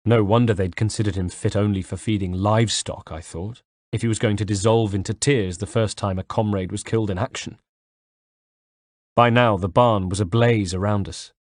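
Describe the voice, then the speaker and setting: A man reading a first-person audiobook in a measured, dramatic way on a close mic. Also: on the low side, dry recording. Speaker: audiobook reader.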